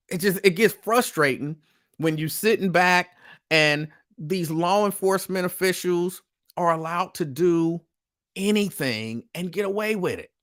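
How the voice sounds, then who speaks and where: Host, man, slightly high voice, emphatic and repetitive, casual live stream. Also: a bit bright.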